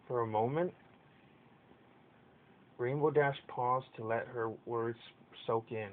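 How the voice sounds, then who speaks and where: A man narrating a fan story aloud in a steady reading with occasional stumbles. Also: normal speed. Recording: tinny lo-fi with faint rumble.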